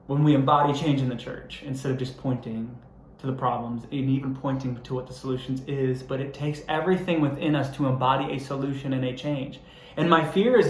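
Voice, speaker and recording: A man's voice: fairly high pitch, roomy sound. A young adult man preaching a sermon, telling a self-deprecating story in a conversational way before turning earnest. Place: church hall.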